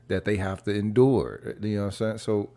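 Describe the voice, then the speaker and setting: A man with a low voice makes wry, sarcastic remarks in a casual chat among friends. He talks with energy and a mocking edge. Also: fairly even intonation, normal speed, dark tone.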